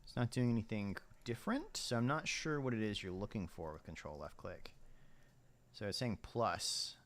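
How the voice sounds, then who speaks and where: A man's voice: on the low side, animated, normal speed, fairly bright tone. A man giving casual gameplay commentary as a streamer, chatty and thinking aloud while he sets up his army. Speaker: game streamer.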